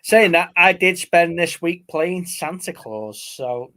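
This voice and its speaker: A rambling, chatty man with a slightly high voice. He co-hosts a casual live stream, piling up fillers as he tells stories. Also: expressive, slow pace, bright, forceful tone. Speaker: co-host of a movie live stream. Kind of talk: casual chat.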